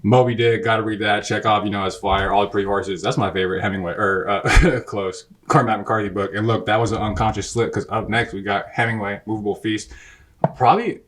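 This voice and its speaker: A man's voice: lowish voice, fairly even intonation, fairly quick, a bit bright. A young man hosting a casual bookshelf tour, talking in slangy, profane, rambling bursts that often break off mid-sentence. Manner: rambling, self-interrupting. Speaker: book reviewer host.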